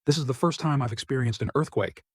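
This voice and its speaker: A man playing a worn-out young vassal who speaks flatly and without fuss. The voice is husky and the recording dry and close. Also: mid-range voice, fast talker, dry recording, natural voice. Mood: weary. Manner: listless, flat. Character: weary, modest young male vassal fighter.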